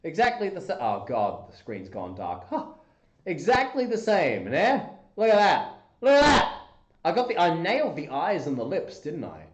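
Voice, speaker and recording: A man hosting a casual livestream, chatting playfully with viewers and breaking into goofy squeaky bursts. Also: huge pitch swings, normal speed. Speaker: livestream host. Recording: roomy echoey room.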